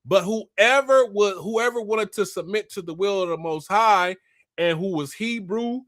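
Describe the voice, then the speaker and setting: High-voiced dude riffing on a bible story, slangy and cussing, bright and dry. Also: male voice, a little slow, no echo. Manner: animated, profane, slangy, acts out quotes. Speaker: spiritual commentator. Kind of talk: casual storytelling monologue.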